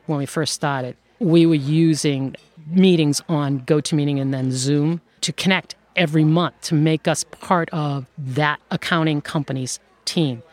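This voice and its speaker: A woman who runs an outsourcing firm, telling stories in an interview in a lively way and laughing often. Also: sits low. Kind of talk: conversational interview storytelling.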